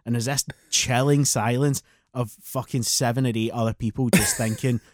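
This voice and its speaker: A man co-hosting a podcast, telling animated, sweary anecdotes and mimicking friends. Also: mid-range voice, moderate pace, no room sound, clean studio sound. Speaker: podcast co-host. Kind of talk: casual storytelling chat.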